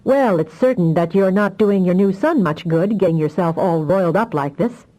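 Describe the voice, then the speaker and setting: A woman reading an audiobook voices a calm, affectionate husband who talks in a gentle, teasing way. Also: on the low side, normal speed, close to an everyday voice, low-quality recording. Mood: gently teasing.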